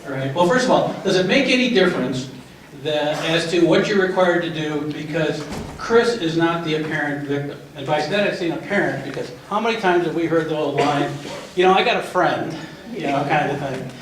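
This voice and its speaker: A middle-aged man leads a staff training session in a lawyerly, questioning manner. His voice sits slightly high for a man. It is picked up from a distance in a strongly echoing room with faint background noise. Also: fairly quick. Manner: lawyerly, asks rhetorical questions and tags them with "right?". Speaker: trainer leading a staff workshop. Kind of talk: lecture with questions to the audience. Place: large echoey room. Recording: echoey room recorded from far off.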